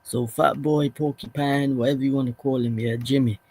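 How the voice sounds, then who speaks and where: A man chatting on a stream, asking quiet, teasing questions. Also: medium pitch, steady tone, normal speed, breathy edge. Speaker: stream co-host. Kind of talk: casual streamed chat.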